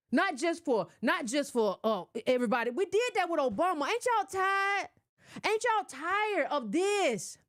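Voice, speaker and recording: Sassy scolding woman, high and lively. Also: no room sound, studio quality. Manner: sassy, scolding, rhetorical questions. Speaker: political commentator. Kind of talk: casual political monologue.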